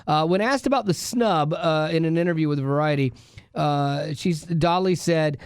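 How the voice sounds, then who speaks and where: A man's voice: on the high side, normal speed, clean tone, dry recording, clean studio sound. A man hosting a radio show, chatting casually and rambling with lots of fillers. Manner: rambling, many fillers and restarts. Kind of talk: casual chat. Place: radio studio.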